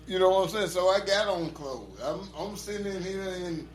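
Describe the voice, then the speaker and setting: A man's voice: high voice, normal speed, roomy sound. A man co-hosting a casual podcast chat, telling laid-back stories and laughing often. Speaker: podcast co-host.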